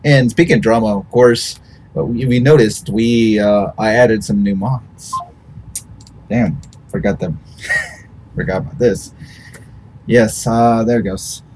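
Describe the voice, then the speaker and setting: A man hosting a casual post-show chat as streamer, talking haltingly with many restarts. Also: on the low side, steady tone, a little mellow, slight background noise. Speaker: host and streamer.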